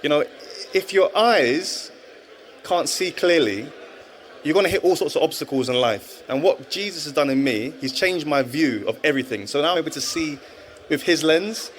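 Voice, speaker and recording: 30s guy on stage at a live event, earnest and reflective, keeps restarting, slightly high voice. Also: lively intonation, normal speed, a little hiss or hum. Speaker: guest, former footballer. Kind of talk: live stage interview, testimony.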